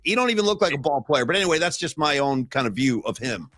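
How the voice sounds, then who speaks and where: A man co-hosts a sports podcast in a high, bright, cutting voice, heckling loudly and acting out quoted lines. The mic is close and dry, with no room sound. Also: lively intonation, very fast, hardly any pauses, no echo. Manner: loud, mocking, does quoted voices. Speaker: co-host. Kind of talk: casual sports chat.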